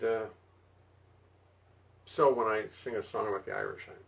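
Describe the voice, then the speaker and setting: A man hosting a live music stream from his studio, rambling and reminiscing with halting restarts between songs. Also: creaky. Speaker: singer-bassist host. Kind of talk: casual spoken aside between songs. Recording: distant mic, loud bass music behind. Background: loud double bass playing.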